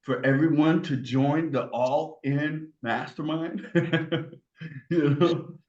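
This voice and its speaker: A man's voice: fairly high pitch, fairly even intonation, slow, a little mellow. A man in casual podcast talk, laid-back and calling the others dude and bro. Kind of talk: casual chat. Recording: roomy, lo-fi sound.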